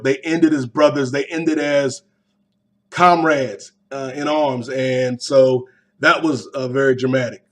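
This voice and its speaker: Young guy on his podcast doing a movie reaction, slightly high voice, slangy and animated. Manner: animated, slangy, quick asides. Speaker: podcast host. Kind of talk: casual movie reaction review.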